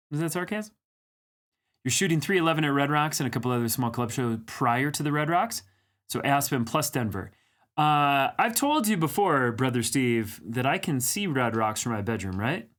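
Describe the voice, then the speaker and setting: Speaking at a moderate pace with an expressive, fairly bright medium-pitched voice, a man hosts a livestream. His banter is casual: he says hello to viewers and pokes fun at them while reading their comments out loud.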